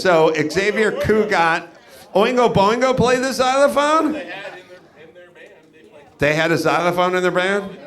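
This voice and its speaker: High-voiced man riffing on stage. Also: fairly bright tone. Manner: rambling, incredulous rhetorical questions. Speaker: comedy podcast host. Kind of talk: live stand-up podcast riff. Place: comedy club stage.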